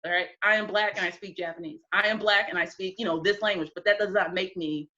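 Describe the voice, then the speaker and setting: A woman's voice: medium pitch, fairly even intonation, fast talker, pushed and bright, highs cut off. A young woman from the United States, a guest in an interview, telling candid stories frankly, laughing often and acting out what people said. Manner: frank, laughs often, acts out quoted speech.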